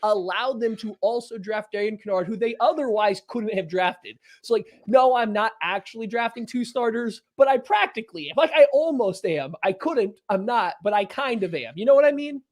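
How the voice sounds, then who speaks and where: A man on a sports podcast who argues his point with playful, mock-indignant energy. He talks in quick bursts and keeps pushing his case. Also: high voice, animated. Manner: argumentative, mock-outraged, talks fast to defend his picks. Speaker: podcast co-host. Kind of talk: casual sports podcast banter.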